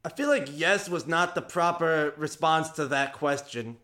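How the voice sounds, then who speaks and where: A man's voice: fairly high pitch, a little slow, pushed and bright. A man playing in a tabletop game, tossing out teasing quips. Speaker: player. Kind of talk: casual tabletop game chat.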